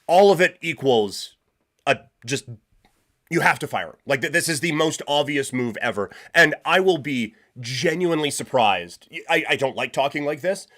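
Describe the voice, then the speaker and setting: A man's voice: fairly high pitch, expressive, moderate pace, a bit bright. A man hosting a live sports talk stream, ranting emphatically with rhetorical questions and frequent restarts. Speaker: podcast host.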